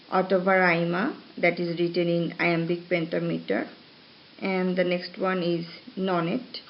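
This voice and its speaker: A woman lecturer reads her class notes in a slow, measured voice, pausing often between phrases. Her pitch sits in the middle range. The recording is dull and lo-fi, with a faint hiss underneath. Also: creaky. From Bangladesh. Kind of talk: reading lecture notes aloud.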